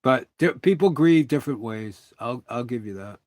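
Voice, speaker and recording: A man's voice: mid-range voice, moderate pace, darkish tone, no room sound, clean studio sound. Rambling middle-aged man on a livestream. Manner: rambling storytelling with quoted dialogue. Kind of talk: casual livestream chat.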